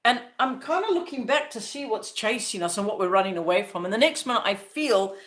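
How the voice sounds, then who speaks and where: A woman hosting a podcast, telling a personal experience earnestly, recalling as she goes with halting restarts and acting out quoted voices. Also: medium pitch, expressive, fairly bright tone. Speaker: podcast host. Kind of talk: personal storytelling.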